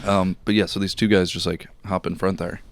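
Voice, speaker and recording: A man's voice: sits low, level tone, a little fast. A young man co-hosting a podcast, telling a story in casual chat, rambling with many fillers and swears. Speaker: podcast co-host.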